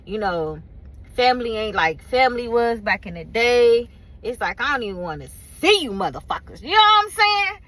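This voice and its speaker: A woman's voice: on the high side, lively intonation, normal speed, low-quality recording. A woman venting in a casual, rambling rant from her car, weary and frustrated, swearing freely and leaning on fillers. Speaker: vlogger and small business owner.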